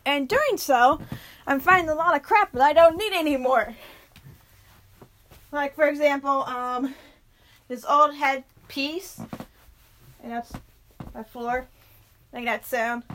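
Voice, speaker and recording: High-voiced chatty young woman vlogger. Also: fairly bright tone, a little hiss or hum. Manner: rambling, chatty, self-mocking. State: jittery from coffee, talking fast. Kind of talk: casual vlog chat.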